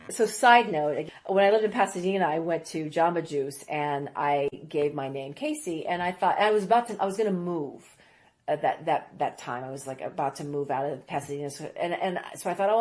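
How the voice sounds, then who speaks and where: Woman from iraq telling stories on a podcast, jumps around a lot, voice swoops up and down. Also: lowish voice. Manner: animated, rambling, quick asides with laughter. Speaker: guest. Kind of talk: casual interview storytelling.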